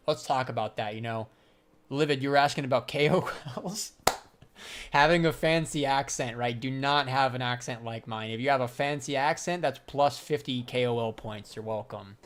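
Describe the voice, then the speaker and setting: This young adult livestreamer and crypto trader has a mid-range voice. Chatting casually about trading, he responds to viewers with loose, slang-heavy, profane talk and frequent laughter.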